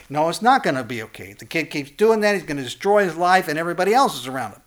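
Male preacher, fairly high voice, passionate sermon delivery with loud peaks and hushed dips. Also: sing-song, fast talker, hardly any pauses. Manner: impassioned, voice climbing high and loud on warnings then dropping low and soft. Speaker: pastor. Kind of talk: sermon with scripture reading.

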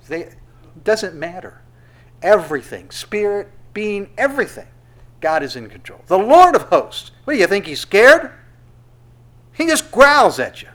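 A male pastor preaching a sermon, animated and emphatic, with sudden loud bursts. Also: medium pitch.

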